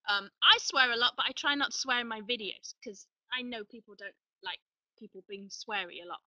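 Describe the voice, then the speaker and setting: Woman host for a casual live stream: high, very bright voice, eager and rambling, dry sound set a little back from the mic. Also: fairly quick, dry recording, distant mic, low-quality recording. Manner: chatty, excitable, rambling with restarts.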